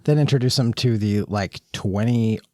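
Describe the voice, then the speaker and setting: A man's voice: on the low side, normal speed, mellow, dry recording, clean studio sound. A man hosting a casual board game podcast, chatty and steering the talk. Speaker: podcast host. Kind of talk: casual chat.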